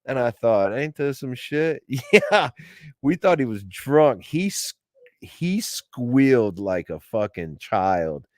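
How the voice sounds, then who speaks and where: A man's voice: medium pitch, very animated, slow pace, a little mellow, no echo, studio quality. A man telling stories in casual, rambling, profane talk to a live audience, laughing as he goes. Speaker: podcast host.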